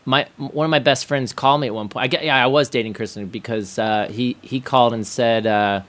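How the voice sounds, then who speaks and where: A man's voice: mid-range voice, fairly even intonation, a little fast, a bit bright. A man chatting casually on a podcast, his voice sitting in an ordinary middle range. He rambles through anecdotes, laughs often and acts out the lines of friends he quotes. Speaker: podcast co-host. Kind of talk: casual chat, telling anecdotes.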